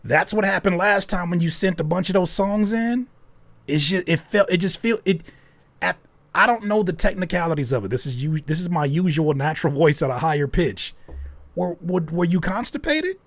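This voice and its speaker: On a live stream where he reviews listeners' music, a man offers candid, jokey critique while thinking out loud. He speaks at a moderate pace in a high-pitched, animated voice, and there's no echo.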